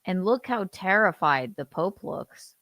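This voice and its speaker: A woman hosting a comedy podcast, teasing and joking in a playful, deadpan way. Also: mid-range voice, a little slow, no echo. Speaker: podcast host. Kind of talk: comedic casual chat.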